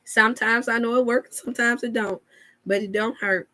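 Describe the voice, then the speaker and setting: A woman's voice: fairly high pitch, fairly even intonation, normal speed, bright, forceful tone. A woman hosting a casual wellness live chat, talking to viewers in a folksy, preachy way. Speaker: wellness show host.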